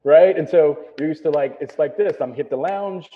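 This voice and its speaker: A man's voice: on the high side, normal speed. A middle-aged man, a restaurant owner, talking casually in an interview, rambling with lots of "you know" and "right?". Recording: tinny phone-like line.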